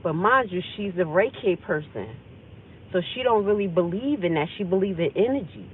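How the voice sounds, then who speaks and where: A woman with a fairly low, expressive voice speaks at a moderate pace over tinny phone-like audio, with slight background noise. Hosting a livestream, she tells an emotional story about herself, rambling intensely and voicing the conversations she remembers.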